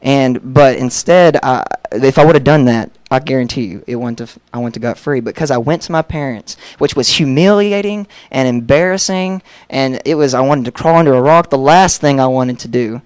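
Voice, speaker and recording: A young man gives a personal testimony from the pulpit in an easygoing, candid way. He tells the story and acts out the dialogue, dotted with fillers. His voice sits at a middling pitch, and the sound is dry and close with little room echo. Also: moderate pace, few pauses, clean tone. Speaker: preacher.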